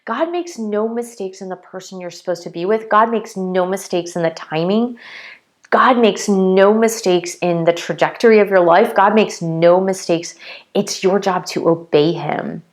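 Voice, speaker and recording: A woman's voice: medium pitch, moderate pace. A woman vlogging a heartfelt spiritual testimony, talking earnestly and casually, repeating phrases and filling gaps with "like", emotional and close to tears at times. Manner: earnest, repetitive, many "like" fillers.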